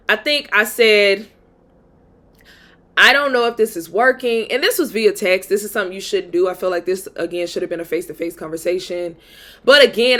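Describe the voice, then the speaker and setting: A woman's voice: medium pitch, fairly bright tone. A woman vlogger telling a personal dating story in a casual, candid, slangy way, full of "like" fillers.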